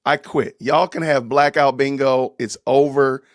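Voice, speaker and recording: A man's voice: mid-range voice, steady tone, a little slow, dry recording, studio quality. Exasperated joking podcast host, man. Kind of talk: casual live-stream commentary.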